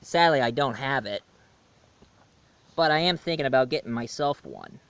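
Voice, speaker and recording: Give me a chatty American man reviewing games, with a smooth, clear voice and a middling pitch. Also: lively intonation, normal speed, fairly bright tone. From United States. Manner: rambling and chatty, laughs at his own jokes. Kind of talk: casual video review.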